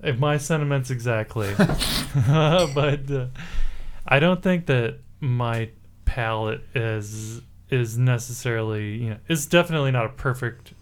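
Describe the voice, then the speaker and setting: A man's voice: medium pitch, unhurried, a little hiss or hum. A man hosting a casual podcast chat about beer, rambling with many fillers and restarts. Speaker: podcast host.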